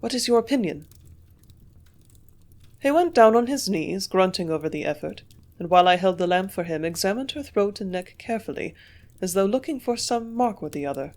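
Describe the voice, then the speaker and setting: A woman reading a classic novel aloud as an audiobook narrator. Her delivery is measured and clear, at an ordinary middle pitch. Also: expressive, a little mellow.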